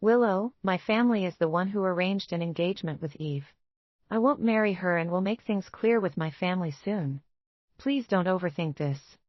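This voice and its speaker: A woman's voice: medium pitch, lively intonation, a little slow, no room sound, lo-fi sound. A woman reading as a soothing, controlling young man. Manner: gentle, soothing.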